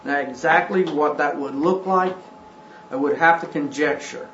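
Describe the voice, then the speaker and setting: A man teaching a scripture class. He talks haltingly, with frequent ums and restarts. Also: fairly high pitch, a bit bright, slight background noise. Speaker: religious teacher. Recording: roomy, dull recording.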